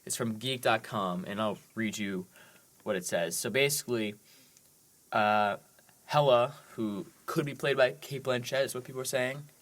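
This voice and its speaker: On a movie podcast, a male co-host recaps films in a casual, eager chat, rambling enthusiastically and dropping plenty of "like"s. His voice sits at medium pitch with a slightly bright quality.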